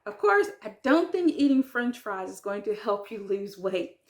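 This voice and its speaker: A very animated woman with a mid-range voice talks casually to the camera about learning French, English being her first language. Chatty and self-deprecating, she fills her speech with ums and likes and eases through French words slowly and carefully.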